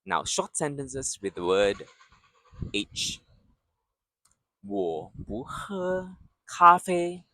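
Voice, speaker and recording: A man teaching pronunciation, slowly repeating syllables and short words and explaining them in English. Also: mid-range voice, very animated, bright, forceful tone, dry recording. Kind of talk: slow, deliberate lesson drilling sounds for repetition.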